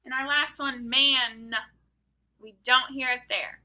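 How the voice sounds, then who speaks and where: A woman teacher giving a recorded phonics lesson to young children, sounding out letters and words slowly and with emphasis. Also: high-pitched, sharp tone. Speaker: kindergarten teacher.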